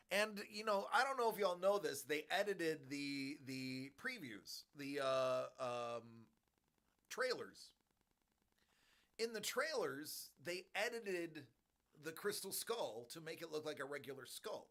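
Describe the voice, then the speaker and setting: A man in his forties, a stream host, ranting in a rambling, animated way about a movie in casual chat. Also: a little high, slow.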